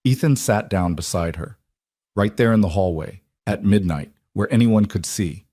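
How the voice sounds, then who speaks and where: A male storyteller reading a scripted emotional tale in a slow, measured, somber delivery. His voice sits on the low side. The recording is close and completely dry. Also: mellow, no echo. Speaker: narrator.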